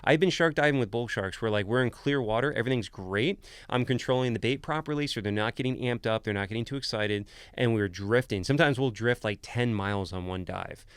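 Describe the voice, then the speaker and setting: Smooth-voiced man telling wild stories. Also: medium pitch, fairly quick, hardly any pauses, no echo. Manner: animated, filler-heavy, says "bro" and "like". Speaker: podcast guest, wildlife photographer and shark dive guide. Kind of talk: casual storytelling. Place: podcast studio.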